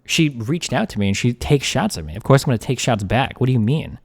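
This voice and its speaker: A man's voice: mid-range voice, animated, quick pace, gravelly, breathy edge. A man streaming, talking casually and profanely while reading messages aloud.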